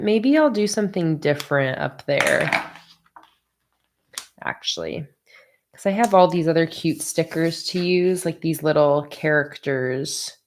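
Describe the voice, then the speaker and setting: A woman's voice: low voice, vocal fry. A sleepy, yawning woman hosting a casual planning livestream, chatting with viewers as she thinks aloud. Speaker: bullet journal livestream host. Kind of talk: casual livestream chat while crafting.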